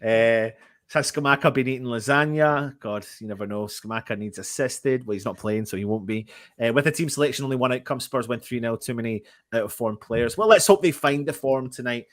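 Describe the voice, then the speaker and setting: A man hosts a live fan stream and reads out chat comments between his own takes. His voice is mid-pitched and sounds close and dry, with barely any room around it. He talks loosely and breaks into laughter now and then. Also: fairly quick, no room sound. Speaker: fan channel host.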